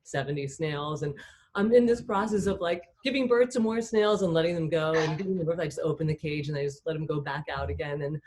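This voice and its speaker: A woman's voice: deep voice, a little fast, darkish tone, slight background noise. A woman taking part in an online talk chats in a light, chatty way with lots of fillers, over a video call. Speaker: webinar participant. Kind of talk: casual chat.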